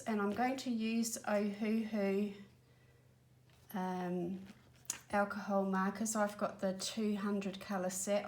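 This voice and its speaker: A woman's voice: mid-range voice, a little mellow. An Australian woman chatting casually while colouring at home, a bit breathless and apologetic, rambling as she works. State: slightly out of breath. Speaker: colouring channel host. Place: home spare room studio.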